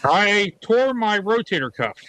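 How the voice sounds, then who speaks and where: A man's voice: sits high, sing-song, unhurried, over a noisy crowd, low-quality recording. A man telling friends his news on a video call in a matter-of-fact way. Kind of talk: casual group chat.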